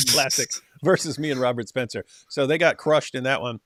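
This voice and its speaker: A man's voice: mid-range voice, moderate pace, dry recording. Sarcastic man hosting a dry livestream. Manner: sarcastic, mocking, trailing off quietly at line ends. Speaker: host. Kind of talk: casual livestream chat.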